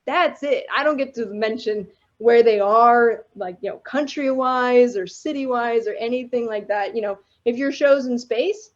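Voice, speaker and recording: A woman's voice: a little high, a little slow, few pauses. A woman guest speaker giving an informal, chatty and enthusiastic talk to students over a video call. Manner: chatty and enthusiastic, laughs between points. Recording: dull lo-fi audio.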